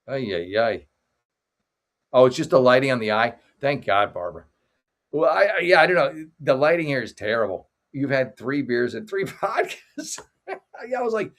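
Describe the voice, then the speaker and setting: A man's voice: mid-range voice, a bit bright. Rambling middle-aged man hosting a late-night stream. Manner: rambling, jokey, thanks chat viewers by name. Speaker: livestream show host. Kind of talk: late-night livestream chat with viewers. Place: his father's home office. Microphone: makeshift desk mic setup.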